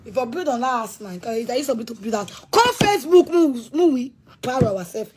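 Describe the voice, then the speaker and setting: A woman's voice: fairly high pitch, expressive, quick pace, noisy background. A woman with a Nigerian accent delivering a heated, threatening rant, repeating herself often. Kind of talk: angry rant to camera.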